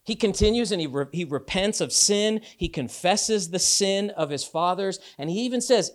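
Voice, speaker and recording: Animated, conversational preaching man. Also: high voice, moderate pace. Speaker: pastor. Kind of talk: sermon.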